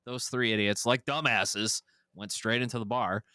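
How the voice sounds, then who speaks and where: A man's voice: lowish voice, fairly even intonation, normal speed, bright, forceful tone, clear, resonant tone, no echo, studio quality. A man guesting on a podcast, telling a story in casual, rambling talk full of fillers and swearing. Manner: rambling, profane, many fillers.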